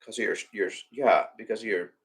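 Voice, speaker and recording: A man's voice: on the low side, steady tone, a little fast, husky. Rambling man ranting on a live stream. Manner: ranting, with filler words and restarts. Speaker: reptile rescue streamer. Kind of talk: casual live-stream chat.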